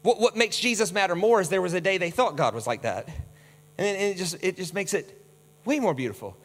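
Animated male preacher in a reverberant hall. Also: high voice, brisk. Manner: animated, acts out quoted voices with big swings. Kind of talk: sermon with slides.

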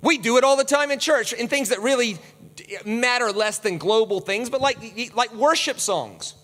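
A man preaching from the front of a church hall, his high, bright voice ringing with a long reverb. He talks in an animated, lively way and swings broadly whenever he acts out the voices he quotes. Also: moderate pace. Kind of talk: sermon with slides.

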